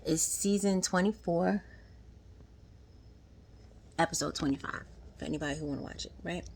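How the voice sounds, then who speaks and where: A woman in her thirties recapping a TV episode in casual, animated vlog commentary, acting out quotes. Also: normal speed, creaky, slight background noise. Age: 30s. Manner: chatty, animated, acts out quotes in higher voice. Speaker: vlogger.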